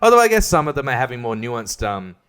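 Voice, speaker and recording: A man's voice: medium pitch, very animated, quick pace, fairly bright tone, clean tone. Sarcastic, rambling guy. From Australia. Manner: sarcastic, rambling, frequent fillers and laughs. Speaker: podcast host. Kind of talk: rambling solo podcast.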